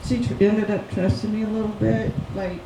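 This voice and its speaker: A woman sharing a heartfelt personal memory at a memorial, speaking slowly and haltingly with fillers. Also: medium pitch, flat delivery. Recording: echoey room with background noise.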